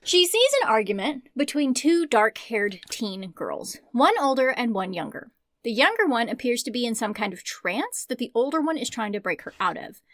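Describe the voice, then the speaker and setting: A woman co-hosts a casual book podcast, chatting and joking, laughing often and swearing now and then. Her voice is on the high side, animated and fairly bright, at a moderate pace, with no room sound.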